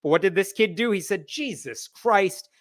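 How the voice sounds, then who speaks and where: Hosting a live news commentary show, a fast-talking man with a slightly high voice recounts the story wryly and with animation, performing the quotes as he goes. His sound is close and dry, nearly free of room echo.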